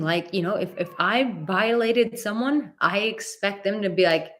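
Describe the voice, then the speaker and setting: A woman's voice: mid-range voice, a little slow. A woman in her thirties hosting a live advice stream, speaking bluntly and with animation, often acting out other people's words. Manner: blunt and animated, acts out quoted voices, swears. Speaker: relationship advice host.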